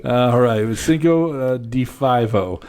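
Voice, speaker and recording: A man hosting a podcast in relaxed casual chat, laughing often. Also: mid-range voice, moderate pace. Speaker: podcast host.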